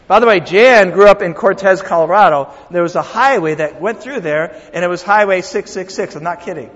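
A man preaches with a high, lively voice, leaning hard on key lines and then dropping into quiet asides. The sound is dull and lo-fi, carrying a long reverb from a church sanctuary. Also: brisk. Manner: animated preaching, swings from loud emphasis to quiet asides. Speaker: pastor. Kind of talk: sermon.

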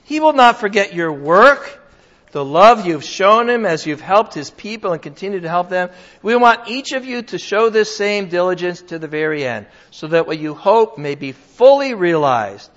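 An older pastor delivers his sermon in a high, bright-sounding voice, shifting between a loose, joking tone and firm emphasis. The recording is dull and lo-fi. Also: animated, normal speed. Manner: conversational, emphatic, jokes with the congregation. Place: church hall with a congregation.

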